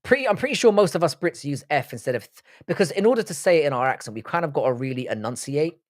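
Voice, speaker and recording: A man's voice: fairly high pitch, expressive, fast talker, no room sound, clean studio sound. A man with a London accent hosting a live stream, chatting casually with viewers in loose, sweary banter. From Britain. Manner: loose, sweary banter, repeats words to show how he says them.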